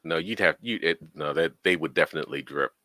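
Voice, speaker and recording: A man's voice: rumbling low, fast, pushed and bright, no room sound. A man hosting a casual chat show, teasing his co-host and laughing often.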